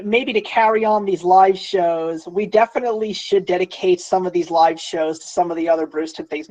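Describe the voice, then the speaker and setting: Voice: medium pitch, darkish tone, rough recording. Enthusiastic host leading a film chat. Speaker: podcast host. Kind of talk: casual film discussion.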